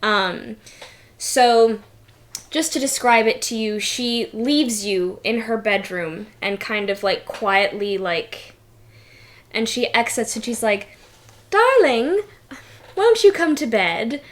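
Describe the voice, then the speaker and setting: A woman's voice: medium pitch, takes it slowly. A woman narrating a tabletop game as game master, casual and full of fillers.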